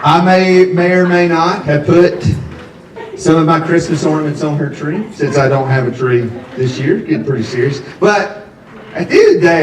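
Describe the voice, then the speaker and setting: A man doing a stand-up comedy set at a coffee shop, telling stories with drawn-out punchlines. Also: a little high, recorded from a distance, background noise. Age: 50s. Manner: conversational storytelling with drawn-out punchlines. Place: coffee shop with a live audience. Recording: echoey room, voice from off-mic.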